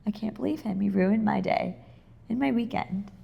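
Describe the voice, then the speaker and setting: A woman's voice: medium pitch, normal speed, gravelly, slightly rough, highs cut off. A young woman co-hosting a casual podcast, chatting animatedly, swearing and acting out quotes as she recaps a reality show. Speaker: podcast co-host.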